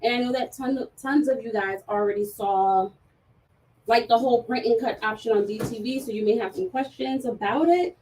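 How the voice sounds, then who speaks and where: A woman's voice: on the high side, moderate pace, a little mellow, far from the mic, slight background noise, low-quality recording. A woman hosting a casual livestream chat who laughs often and talks with many fillers. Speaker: livestream host.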